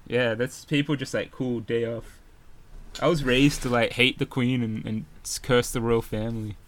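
Male podcast co-host, bright voice, rambling absurd storyteller. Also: medium pitch, steady tone, moderate pace. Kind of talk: casual chat.

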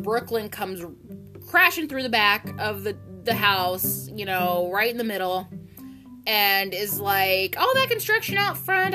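Chatty woman recapping with music behind. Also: medium pitch. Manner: chatty and opinionated, acts out the quotes. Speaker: soap opera recapper. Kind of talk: casual episode recap. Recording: music playing underneath.

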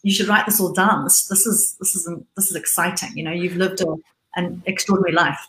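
A middle-aged woman from southern Africa talks frankly as a guest in a relaxed conversation. She stumbles and restarts often. The room around her rings with noticeable echo. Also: lowish voice, a little hiss or hum. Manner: candid, halting, many restarts. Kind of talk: casual conversation.

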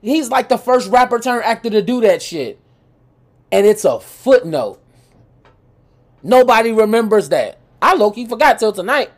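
A man co-hosting a podcast, telling animated stories in casual chat with plenty of profanity. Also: high-pitched, moderate pace. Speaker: podcast co-host.

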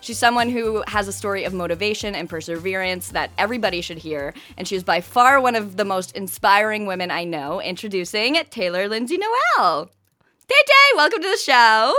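A woman hosting a podcast, reading the show intro and warmly welcoming her guest. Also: medium pitch, a little fast, hardly any pauses, faint music behind. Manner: upbeat, friendly introduction. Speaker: podcast host.

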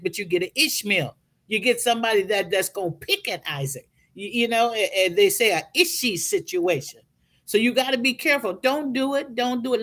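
A woman's bright, forceful voice carries a podcast talk in a preaching style. She tells her story with animation and slips into the voices of the people in it. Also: mid-range voice. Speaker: guest speaker.

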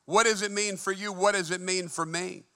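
Gravelly, bright-voiced male preacher. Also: sits high, steady tone, normal speed. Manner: fervent preaching, swinging between hushed and emphatic. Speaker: pastor. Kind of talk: sermon. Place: church.

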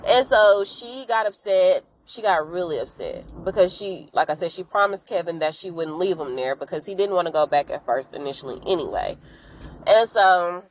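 A woman's voice: on the low side, a little hiss or hum, low-quality recording. Chatty woman host recapping with slangy asides. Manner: animated storytelling with frank, slangy asides; acts out characters' lines in quick voices. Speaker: podcast host recapping a TV episode. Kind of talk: casual chat.

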